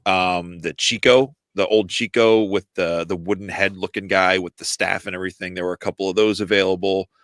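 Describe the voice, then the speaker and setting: Very deep-voiced man, halting explanation. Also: fairly even intonation, fairly bright tone, no room sound. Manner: halting, many fillers, explaining. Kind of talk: casual chat.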